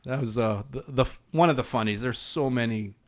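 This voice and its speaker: Middle-aged man, Canadian East Coast accent, animated podcast storyteller, mid-range voice. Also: medium pitch, brisk. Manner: animated storyteller with many restarts and laughs. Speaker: podcast guest, former SWAT sergeant. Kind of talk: casual storytelling.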